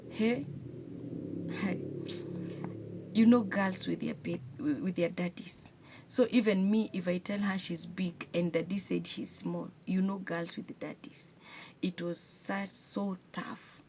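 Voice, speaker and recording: A woman's voice: fairly low pitch, takes it slowly, creaky, a little mellow, a little hiss or hum. A Kenyan woman vlogging as a single mother, retelling a hard family day in an earnest, emotional way and often restarting her sentences. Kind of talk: personal storytelling to camera.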